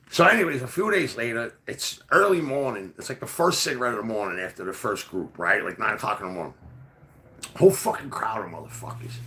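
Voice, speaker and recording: Male podcast host, forceful and animated, rambling casual storyteller. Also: mid-range voice, gravelly. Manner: profane, rambling, full of fillers.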